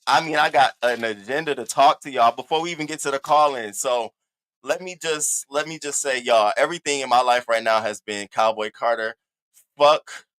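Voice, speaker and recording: A man hosting a casual live commentary stream, talking in an animated, sassy and profane way, repeating catchphrases and swinging his voice up high for emphasis. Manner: animated, sassy and profane, with big swoops in pitch. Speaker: livestream host.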